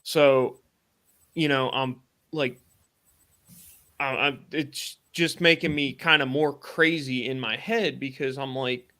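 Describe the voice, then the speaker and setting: Animated man telling a story, bright tone. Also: medium pitch, slow. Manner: rambling, animated retelling with many fillers and self-quotes. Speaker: podcast host. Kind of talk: casual storytelling on a live stream.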